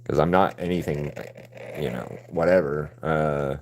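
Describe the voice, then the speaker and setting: A man with a deep, low voice chats loosely with his viewers during a live painting stream. He rambles, stays laid-back, and swears freely as he goes. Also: steady tone, measured pace. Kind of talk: casual livestream chat with viewers.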